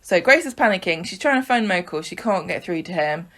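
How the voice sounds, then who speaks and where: A woman's voice: fairly low pitch, lively intonation, fairly quick, fairly bright tone. A woman co-hosting a podcast, recapping the week's soap opera in a chatty, joking way, with plenty of fillers. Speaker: podcast co-host.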